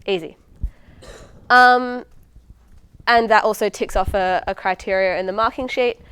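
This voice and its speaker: A woman's voice: mid-range voice, measured pace, a bit bright, smooth. A young woman in her twenties, a medical student giving a casual exam-prep lecture, chatty and full of ums and likes. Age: 20s.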